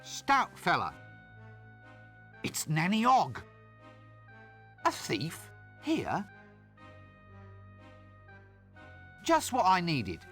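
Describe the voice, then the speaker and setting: Brief: jittery sarcastic wizard, bright voice, swoops high with every complaint, faint music behind. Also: male voice, huge pitch swings, drawn-out words, long pauses, exaggerated voice. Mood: sardonic. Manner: nervous, sarcastic, put-upon. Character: cowardly sardonic male wizard. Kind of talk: game voice acting.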